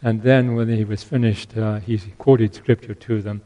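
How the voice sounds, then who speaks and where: An older man preaching a sermon, earnest, repeating key phrases and swinging between loud exhortation and hushed asides. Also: lowish voice, little pitch movement, moderate pace, dull audio.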